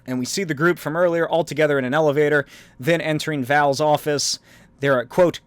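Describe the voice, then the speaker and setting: A man's voice: fairly high pitch, steady tone, a little fast, clear, resonant tone, no echo. Rambling, chuckling man hosting a podcast. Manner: rambling, chuckling, lots of filler words. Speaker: podcast host. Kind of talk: casual solo podcast talk.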